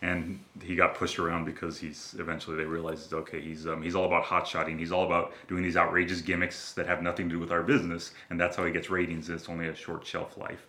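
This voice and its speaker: A man's voice: low-pitched, completely flat delivery, fast, hardly any pauses, pushed and bright. A man chatting casually on a podcast, rambling and hesitant, with lots of fillers. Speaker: podcast co-host. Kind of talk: casual chat. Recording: roomy echo.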